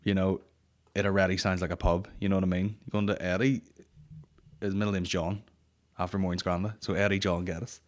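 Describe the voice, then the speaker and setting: A man's voice: low-pitched, fairly quick. A man, hosting a podcast and telling a rambling, sweary comedic story with lots of restarts. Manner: sweary, rambling, animated anecdote with frequent restarts. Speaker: podcast host.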